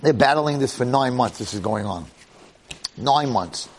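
A man giving an animated storytelling Torah lecture, repeating phrases and checking in with the listeners. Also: medium pitch, measured pace, gravelly, a little hiss or hum.

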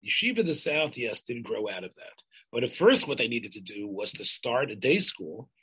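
Older man, husky, halting storytelling. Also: medium pitch, expressive, fairly bright tone, poor audio. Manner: halting, many restarts, Yiddish and Hebrew terms. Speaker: interviewee. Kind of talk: oral history interview.

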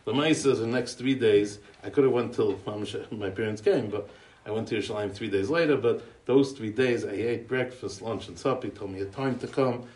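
An American man with a fairly low, darkish voice gives a brisk eulogy as a chatty string of anecdotes, his English full of Yiddish and Hebrew yeshiva terms. He rambles, restarts, and chuckles along the way, captured by a distant mic in a roomy space.

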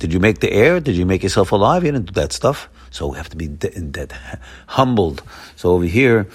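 Male rabbi, low husky voice, emphatic Torah class that swings from loud exclamations to quiet murmurs. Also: very animated, fairly quick.

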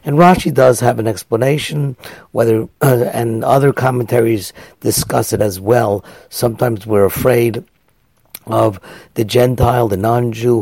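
A man's voice: on the low side, vocal fry, darkish tone, no echo. A man, a rabbi, delivering an earnest sermon that weaves in a story and builds to raised, emphatic passages.

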